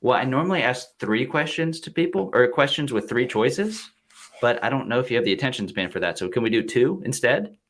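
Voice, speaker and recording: A young man hosting a podcast, gently and playfully chatting with his toddler son. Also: medium pitch, big pitch swings, brisk. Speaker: podcast host.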